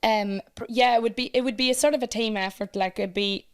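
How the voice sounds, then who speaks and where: An Irish woman talking as a podcast guest about running a competition page, chatty and animated, laughing often. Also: fairly high pitch, fairly quick, smooth. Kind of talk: casual chat.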